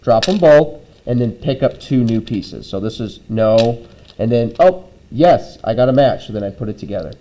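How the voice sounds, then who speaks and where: A middle-aged man explains a classroom lab step by step, his voice mellow and relaxed. He keeps it casual, dropping in fillers and checking in with the students as he goes. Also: mid-range voice, normal speed, low-quality recording. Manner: conversational, frequent "okay?" check-ins and "um" fillers. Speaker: teacher.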